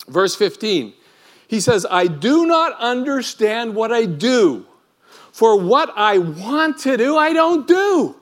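A man preaching a sermon in an animated, conversational way, full of rhetorical questions. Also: sits high. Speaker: pastor.

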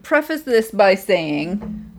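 A young woman co-hosting a casual podcast chat, loud and rambling, swearing freely. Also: mid-range voice, big pitch swings, takes it slowly, a little hiss or hum. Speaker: podcast co-host.

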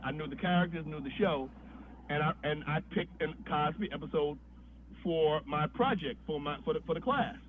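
A man's voice: on the high side, phone-quality sound, a little hiss or hum. A man, a podcast guest, telling a long story in a loose, profane way, often restarting his sentences. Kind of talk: casual storytelling.

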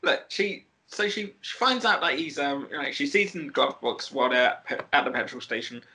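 A woman's voice: very deep voice, lively intonation, brisk, pushed and bright, poor audio. A woman co-hosting a podcast, recapping a film plot in a rambling, casual way with many fillers. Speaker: podcast co-host.

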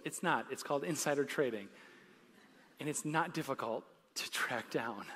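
A man's voice: medium pitch, normal speed, a bit bright. A man preaching a conversational sermon as a pastor on a church stage, often laughing and building to emphatic points. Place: church stage with live audience.

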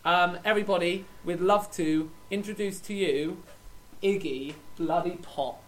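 A man's voice: high-pitched, normal speed, a bit bright. A man co-hosting an improvised comedy show in a theatrical, mock-emotional way. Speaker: comedy podcast co-host.

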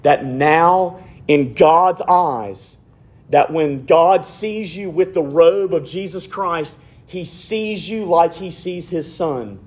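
Preacher, male, slightly higher voice with a husky edge, dynamic delivery that swings from urgent to hushed. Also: slow. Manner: swings from loud emphatic preaching to hushed near-whispers. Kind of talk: sermon.

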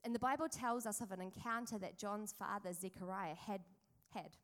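A woman's voice: mid-range voice, moderate pace, fairly bright tone. A woman, preaching a sermon in a chatty storytelling way with asides to the congregation. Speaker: pastor.

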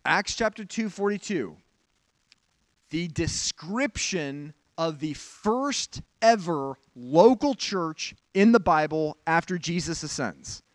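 Higher-voiced man preaching, dry close sound. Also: expressive, slow pace, dry recording. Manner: candid, conversational preaching with asides to the congregation. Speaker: pastor. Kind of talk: sermon.

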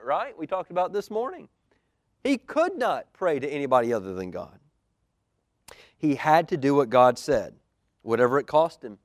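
Lively pastor reading a storybook. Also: male voice, a little high, no room sound, clean studio sound. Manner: lively, asks the children questions. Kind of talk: reading a children's storybook aloud. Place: church auditorium.

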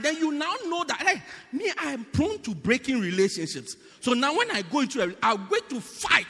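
A man with a very high, lively voice preaches a teaching sermon, his pitch leaping around as he explains and keeps asking whether the congregation follows. His tone is bright and sharp. The long reverb of a church hall trails behind every phrase. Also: breathy edge. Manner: teaching, repeatedly asking the congregation "do you get it?"; animated, swinging between loud bursts and quiet asides.

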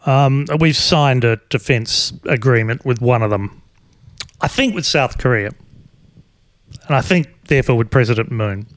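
A man's voice: medium pitch, unhurried, no echo. A man hosting a podcast, giving sardonic, rambling commentary full of fillers. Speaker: podcast host. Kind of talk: casual commentary.

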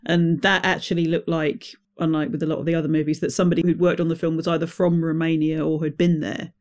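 Podcast co-host, casual film chat, wry dry humour, mid pitch. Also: level tone, fast talker.

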